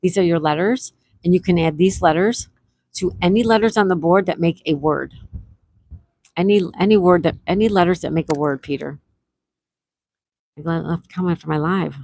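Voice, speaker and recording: Hosting a relaxed live stream, a woman chats with viewers, reads their comments aloud and spells out letters for a game. Her lowish, slightly mellow voice moves at normal speed and pauses often.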